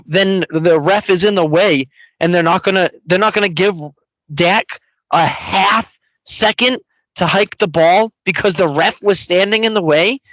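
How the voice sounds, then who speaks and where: A man's voice: on the high side, fairly bright tone, no echo, low-quality recording. Heated, cursing man ranting about refs. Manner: heated, swearing, piles up run-on complaints. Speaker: podcast co-host. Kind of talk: casual sports rant.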